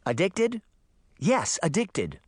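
A man's voice: fairly high pitch, wildly swooping pitch, takes it slowly, slightly rough, no room sound, clean studio sound, pitched above the performer's own voice, heavily acted. A man voicing a reproachful little sister in an audiobook reading, scolding and fumbling for words.

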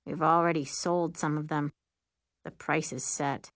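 A woman's voice: low voice, steady tone, measured pace, fairly bright tone, no room sound, studio quality. Woman doing a fretful teen boy class president. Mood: worried. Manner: worried, sighing, glum. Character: teenage boy class president, anxious, fretting.

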